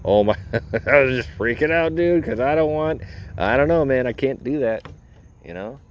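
A man's voice: mid-range voice, animated, normal speed, dull audio, a little hiss or hum. A man hosting a podcast, telling a rambling casual story full of fillers and acted-out asides. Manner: acts out his own reactions in quoted asides. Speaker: podcast host.

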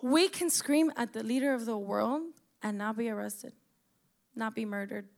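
A woman's voice: a little high, normal speed, vocal fry. A young woman from the United States giving an impassioned personal monologue, emotional and close to tears, swearing as she speaks.

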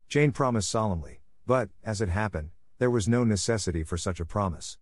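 Man, audiobook narrator, measured, low voice, dry close mic. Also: dry recording. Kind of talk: audiobook reading.

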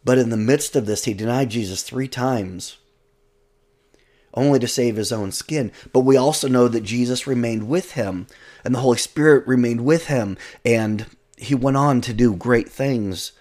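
A man preaching a sermon in an earnest way, reading scripture and slowing down to stress key words. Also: medium pitch, darkish tone.

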